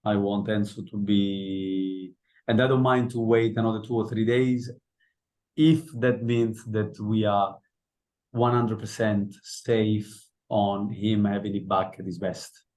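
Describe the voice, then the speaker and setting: Low, dark-voiced coach at a press conference. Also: male voice, steady tone, poor audio. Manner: measured, with frequent hesitations. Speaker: head coach.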